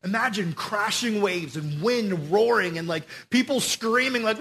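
Man, youth pastor, casual sermon, slangy, bright high voice. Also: moderate pace, few pauses. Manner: slangy, animated storytelling.

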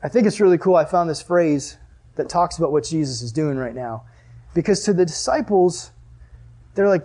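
Husky-voiced young man giving a chatty sermon. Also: on the high side, moderate pace. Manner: animated, chatty, heavy use of "like". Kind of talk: casual sermon.

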